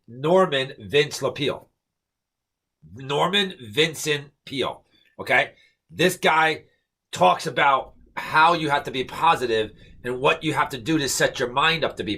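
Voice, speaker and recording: A man's voice: mid-range voice, pushed and bright. A man giving an emphatic, repetitive motivational pep talk to camera, stressing his points with "okay?". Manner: fired-up, preachy. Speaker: network marketing motivational speaker.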